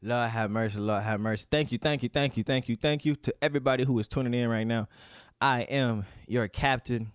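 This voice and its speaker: A man hosting a sports fan show, talking in an excited, hyped rant with loud call-outs, repeated phrases and preacher-style chants. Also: medium pitch, fast talker, few pauses, smooth, no room sound, studio quality.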